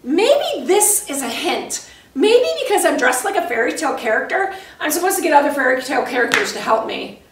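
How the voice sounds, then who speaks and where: A woman art teacher performing a skit, chatting to herself and thinking out loud. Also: high-pitched, very animated, fairly quick, distant mic. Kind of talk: acted skit talking to herself. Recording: roomy echo, voice off the mic.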